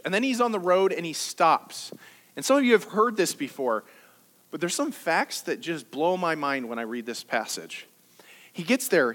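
A man delivers a sermon in a bright, high voice that leaps up and down as he talks. He preaches like he's chatting with the congregation, teasing them with jokes and rhetorical questions. His tone swings with energy from line to line. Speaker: pastor. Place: church service.

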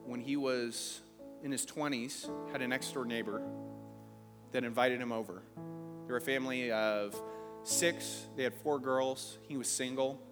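A man's voice: medium pitch, fairly even intonation, measured pace. A pastor preaching a sermon to his congregation, talking casually and building to emphatic peaks. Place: church sanctuary. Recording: reverberant church hall with faint music.

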